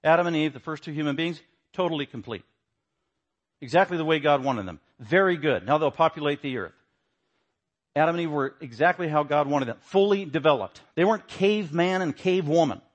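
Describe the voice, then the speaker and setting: A man teaching a Bible lesson, stressing words and swinging between quiet asides and louder points. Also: fairly high pitch.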